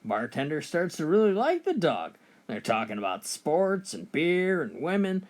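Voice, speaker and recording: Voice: mid-range voice, wildly swooping pitch, moderate pace, darkish tone. A joke teller reading out a run of short funny stories, switching briefly into voices for the characters.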